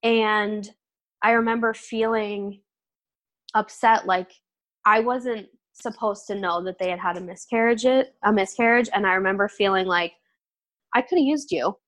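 A young adult woman, a podcast guest, talking candidly and earnestly in a relaxed interview, with many fillers. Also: medium pitch, a little slow, dry recording. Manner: earnest, open, filler-heavy storytelling.

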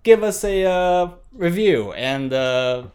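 A man's voice: high-pitched, expressive, slow pace, darkish tone, clear, resonant tone. Laid-back man hosting a casual podcast. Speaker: podcast host. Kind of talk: casual chat.

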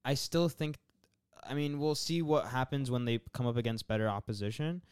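Chatty man, smooth voice, dry close mic. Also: medium pitch, normal speed, darkish tone, no echo. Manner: chatty, rambling, lots of fillers and laughs. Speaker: podcast co-host. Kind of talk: casual football chat.

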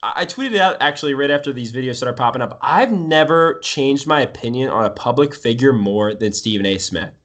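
A young man hosting a casual sports talk show, telling stories excitedly and often calling people dude. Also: medium pitch. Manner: excited storytelling, says dude a lot. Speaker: sports podcast host.

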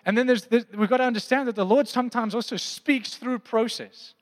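High-voiced man preaching in a reverberant hall. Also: steady tone, fairly quick. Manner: conversational preaching, asks the room questions. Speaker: pastor. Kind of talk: sermon. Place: church auditorium.

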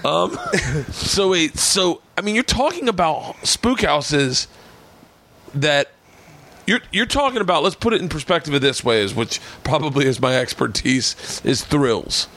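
Gravelly-voiced male podcast host. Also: on the high side, lively intonation, a little slow, a bit bright. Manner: jokey, laughs often, pop-culture asides. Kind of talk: casual chat. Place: home man cave studio.

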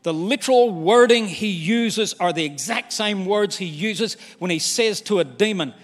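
An older man preaching a sermon as pastor, candid and animated, with humor and acted-out quotes. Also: high voice, moderate pace, hardly any pauses, faint music behind. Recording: long hall reverb.

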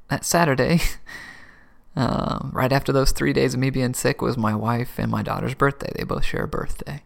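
Middle-aged man, gravelly voice, earnest, emotional faith testimony, soft laughs, dips into whispers. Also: medium pitch. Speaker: Christian testimony speaker. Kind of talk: personal testimony, sermon-like.

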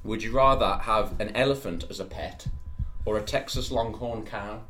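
A man's voice: lowish voice, normal speed, a bit bright, roomy sound, a little hiss or hum. A young man hosting a casual podcast, joking and laughing often as he poses questions. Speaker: podcast host. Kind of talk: casual banter.

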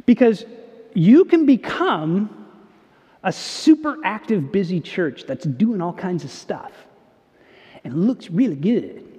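Pastor preaching in a reverberant church. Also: male voice, high voice, big pitch swings, takes it slowly, slightly rough. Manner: earnest preaching, swinging between emphatic and hushed. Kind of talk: sermon. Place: church sanctuary. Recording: dull sound with long church reverb.

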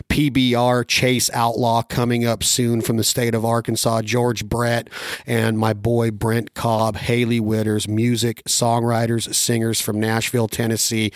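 A man's voice: medium pitch, dry recording, clean studio sound. A man hosting a casual podcast interview from a hunting camp, firing off upbeat questions. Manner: upbeat, rapid-fire questions. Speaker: podcast host.

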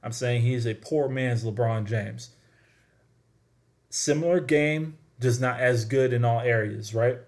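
A man's voice: medium pitch, measured pace, darkish tone. A man delivering a solo sports talk monologue, chatty and emphatic, speaking straight to his listeners. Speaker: sports commentator.

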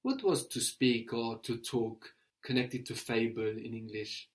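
Man, language teacher, middle pitch, patient, prompting questions, slow modeling of phrases. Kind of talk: guided language lesson.

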